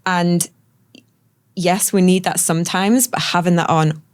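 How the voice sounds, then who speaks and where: A woman calmly explaining health test results to a podcast guest in a reassuring way. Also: fairly low pitch, measured pace, clear, resonant tone. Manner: calm, reassuring, explains at length. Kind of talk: explanatory conversation.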